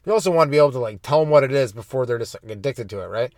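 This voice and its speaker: A young adult man hosting a comedy podcast, stoned and rambling loosely through jokes with sudden animated bursts. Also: medium pitch, very fast, no room sound, clean studio sound. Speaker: podcast host.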